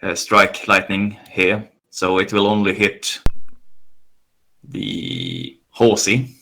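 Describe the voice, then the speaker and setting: A man works through his turn in a tabletop game, slowly and with many pauses. His voice sits somewhat low with a bright, forward edge. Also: wildly swooping pitch, creaky. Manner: slow, halting, with many fillers while planning moves. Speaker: player.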